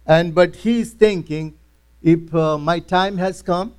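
Slow, high-voiced man teaching the Bible. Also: a little mellow, clean tone. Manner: retells scripture in first person, in simple plain English.

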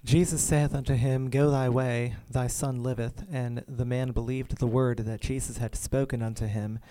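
A man reading Bible passages aloud in a steady, measured way. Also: mid-range voice. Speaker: scripture reader.

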